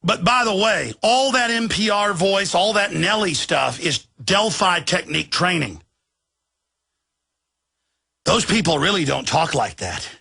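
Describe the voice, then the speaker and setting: An older man hosting a talk show, delivering a furious, preachy rant, shouting long lists of words. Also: sits high, lively intonation, measured pace, creaky, husky. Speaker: host. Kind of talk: ranting monologue.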